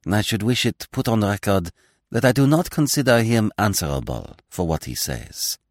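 A man's voice: on the low side, very animated, moderate pace, no echo, clean studio sound. A man voicing a male defense lawyer who protests insistently in an audiobook reading. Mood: protesting.

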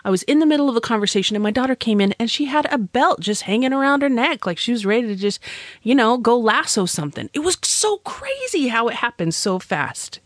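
A woman's voice: a little high, very animated, fairly quick, no room sound. Bubbly, chatty woman with a dry sound. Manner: bubbly, exclamatory, chatty with big swings in pace. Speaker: business owner sharing tips. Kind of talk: recorded guest message for a podcast.

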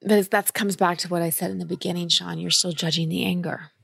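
A woman's voice: fairly low pitch, flat delivery, a little fast, vocal fry, a bit bright, slightly rough, no room sound, clean studio sound. A woman giving a caller direct, emphatic emotional coaching in a conversation. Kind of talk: advice conversation.

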